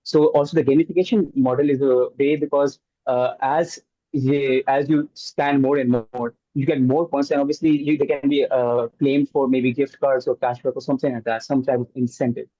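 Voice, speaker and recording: A man's voice: mid-range voice, steady tone, moderate pace, mellow, no room sound, muffled recording. A man on a hackathon team answering judges' questions at length, with frequent fillers. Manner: explains at length with many uh fillers. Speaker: hackathon team member pitching.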